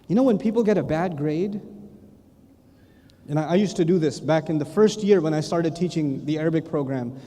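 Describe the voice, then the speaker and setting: A man giving a humorous religious lecture, telling stories with animated asides and self-corrections. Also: sits high. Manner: animated storytelling with quick asides. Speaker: Islamic lecturer. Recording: long hall reverb.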